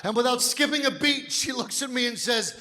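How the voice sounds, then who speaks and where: A man in his fifties performing a stand-up comedy set, telling stories loudly and physically and shouting his punchlines. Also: extremely high pitch, expressive, a little fast. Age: 50s. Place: comedy club stage. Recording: live hall reverb with faint noise. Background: audience laughter.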